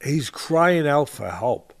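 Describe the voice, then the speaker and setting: An older man hosts a boxing podcast, speaking with passion and emphatically repeating phrases to stress his points while addressing his co-host by name. His voice is fairly high and very animated, slow-paced with vocal fry, in impassioned commentary.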